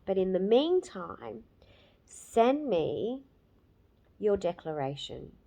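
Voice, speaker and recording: A woman in her fifties giving a candid, emotional personal testimonial, with many fillers and pauses. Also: medium pitch, big pitch swings, vocal fry, warm tone. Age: 50s. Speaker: program client giving a testimonial.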